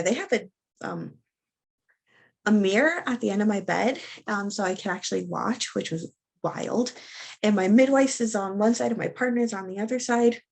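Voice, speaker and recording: A woman's voice: mid-range voice, creaky. A young woman from the United States, telling a personal story casually and animatedly, with many ums and likes, acting out the voices of the people she quotes. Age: young adult. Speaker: guest sharing her birth story.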